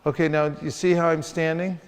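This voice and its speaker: A man's voice: on the high side, little pitch movement, brisk, clean tone. A man leading a hands-on training session for a group, playfully acting out street encounters as he teaches. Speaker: sales trainer. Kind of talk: hands-on training talk with demonstrations. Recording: long reverb of a hall.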